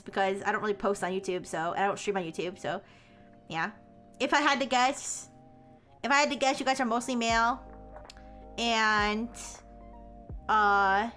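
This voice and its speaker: A woman's voice: high-pitched, fairly bright tone. A woman livestreamer chatting casually with her viewers, giggly and rambling with many restarts. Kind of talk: casual chat with stream chat.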